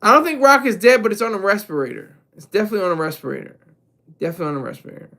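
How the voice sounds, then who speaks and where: High-voiced rambling male streamer. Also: expressive, racing, creaky, pushed and bright. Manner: rambling, repeats and corrects himself. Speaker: streamer and commentator. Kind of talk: live stream commentary reading chat.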